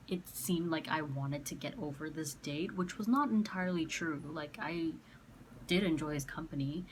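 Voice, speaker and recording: Young woman, low-pitched, casual storytelling, chatty with fillers, quotes others, faint background noise. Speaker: vlogger.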